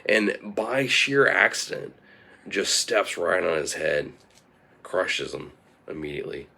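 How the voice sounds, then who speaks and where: A man's voice: low voice, lively intonation, slow, gravelly, bright, forceful tone. A man telling an improvised comic story in a meandering way, with lots of fillers and restarts.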